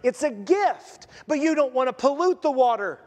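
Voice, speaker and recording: A middle-aged male pastor preaches with a strikingly high voice, jumping into the voices of the people he quotes. His words ring out with the long reverb of a big church hall. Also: normal speed. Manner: animated, acts out quotes, restarts often. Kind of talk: sermon.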